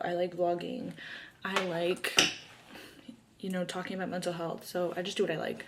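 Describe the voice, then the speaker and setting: A bubbly young woman in her early twenties talks to camera while doing her makeup, her sentences full of "like." Her voice sits at an ordinary mid pitch, and the faint hiss behind her never quite fades. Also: a little mellow. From Arizona, USA. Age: early 20s. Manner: chatty and bubbly, heavy use of "like" fillers. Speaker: YouTuber. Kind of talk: casual get-to-know-me chat while doing makeup.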